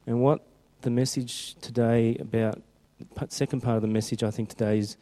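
A man's voice: medium pitch, fairly even intonation, moderate pace, long pauses, dark tone. A man preaching a sermon in a chatty, storytelling way, reading scripture aloud with animation.

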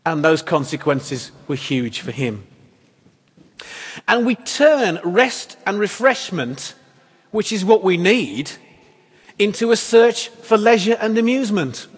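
High-voiced man preaching in an echoey hall. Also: big pitch swings, slow, breathy edge. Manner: conversational, wry preaching with rhetorical questions. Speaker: pastor. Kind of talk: sermon.

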